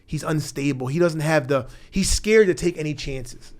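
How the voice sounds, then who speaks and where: A middle-aged man from Philadelphia, a podcast guest telling his story frankly, with rough language, getting loud when angry and dropping quiet when tender. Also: moderate pace. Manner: blunt, profane, emotional; grows loud when angry, drops low and quiet when tender. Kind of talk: candid storytelling interview. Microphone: studio mic.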